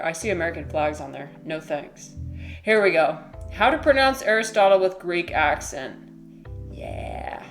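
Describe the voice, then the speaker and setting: Woman streamer, casual livestream chat, lower voice, giggly and rambling, music bed underneath.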